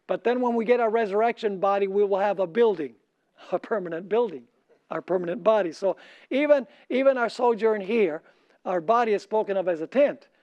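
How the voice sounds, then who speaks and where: A man preaching a sermon as a pastor. He asks the audience questions so they can finish his sentences, and he slows down and lifts his voice when he reads scripture. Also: sits high. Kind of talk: sermon lecture. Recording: dull lo-fi recording.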